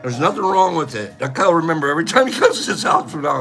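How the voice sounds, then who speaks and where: Lively older man, chatty and laughing. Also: a little high, fast, vocal fry, music in the background. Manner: chatty, laughs often, tells stories with animated quoting. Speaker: vlog host. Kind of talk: casual live-stream chat.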